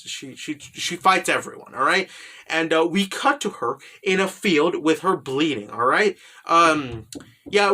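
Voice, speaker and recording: A man's voice: a little high, bright, forceful tone. A man giving a rambling, profane, casual recap of an anime, filled with "you know" and "right?".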